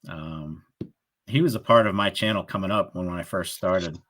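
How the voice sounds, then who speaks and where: A man's voice: sits low, moderate pace, a bit bright. A man co-hosting a livestream in casual chat, a laughing storyteller who acts out the people in his stories. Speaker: livestream co-host.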